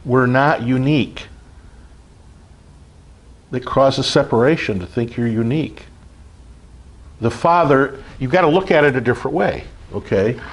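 A man's voice: mid-range voice, measured pace, long pauses. A middle-aged man giving an informal spiritual teaching, earnest and repetitive, often checking in with his listeners. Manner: earnest, repetitive, frequent "okay?" check-ins. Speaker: spiritual group leader.

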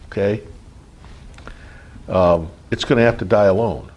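Middle-aged man, husky voice, earnest informal preacher who keeps checking in with the group. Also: fairly low pitch, a little slow, pauses often, a little mellow. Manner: earnest, repetitive, frequent "okay?" check-ins. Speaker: spiritual group leader. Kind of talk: informal spiritual teaching.

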